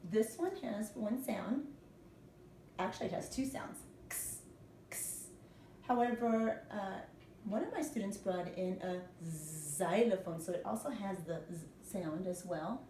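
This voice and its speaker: A woman's voice: mid-range voice, lively intonation, measured pace, warm tone, slight background noise. A woman teacher giving a morning lesson to young children, patient and spelling words out letter by letter. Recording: echoey room, mic at a distance.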